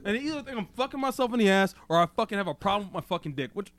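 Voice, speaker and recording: High-voiced man swearing through a story. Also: animated, rapid-fire, crowd noise. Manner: profane, laughs through his story. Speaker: podcast co-host. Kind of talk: casual storytelling chat.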